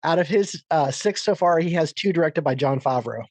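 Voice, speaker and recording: A man's voice: fairly high pitch, lively intonation, brisk, darkish tone, dry recording. A man in his forties co-hosting a podcast, teasing and laughing in casual chat. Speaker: podcast co-host.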